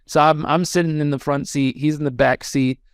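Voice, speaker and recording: Appearing as a podcast guest, a man in his thirties tells a story animatedly, acting out the voices of the people in it. His voice is a little high with a clean tone and a fairly quick pace, captured as clean studio sound with no echo.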